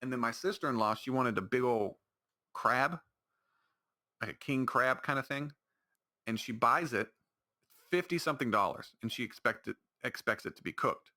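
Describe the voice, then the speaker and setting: A man's voice: medium pitch, animated, moderate pace, long pauses, bright, forceful tone. A man hosting his own podcast, talking alone in a rambling, exasperated way with lots of restarts. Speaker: podcast host. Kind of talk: solo casual podcast monologue.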